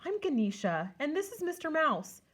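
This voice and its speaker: A woman's voice: high voice, very animated, moderate pace, fairly bright tone, voice pushed up. A woman voicing a young elephant-headed boy god who is proud and easily upset, in a storybook read-aloud. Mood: earnest. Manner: boastful then whiny, childlike.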